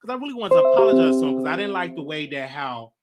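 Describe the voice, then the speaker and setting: A man hosting his own show, telling a story in a chatty, animated way with slang asides. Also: fairly high pitch, fast, over loud music. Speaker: host. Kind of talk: casual livestream talk.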